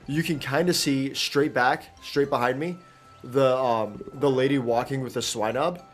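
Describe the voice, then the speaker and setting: A male streamer chatting loosely over his gameplay, mid-pitched and easygoing, trailing off and restarting his sentences. Quiet game music plays faintly underneath him. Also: fairly even intonation, a little slow. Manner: rambling, chatty, with many fillers and restarts. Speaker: gaming streamer. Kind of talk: casual live gameplay commentary.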